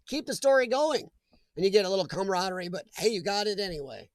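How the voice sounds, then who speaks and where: High-voiced joking man on a live chat. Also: expressive, fast talker, no room sound. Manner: joking, chatty, laughs often and talks to viewers by name. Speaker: host of a live chat stream. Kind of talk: casual live-stream chat reading viewer comments.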